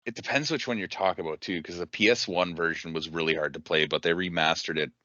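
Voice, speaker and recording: A man co-hosting a casual podcast, relaxed and quick to laugh while sharing his opinions. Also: sits low, no room sound, muffled recording. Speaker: podcast co-host.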